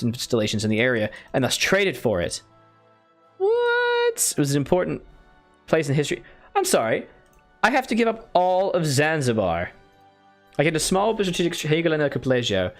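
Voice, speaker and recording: A man giving casual commentary while playing a strategy game, thinking aloud and scolding himself. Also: medium pitch. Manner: muttering, self-deprecating, thinking aloud. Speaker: strategy game let's player.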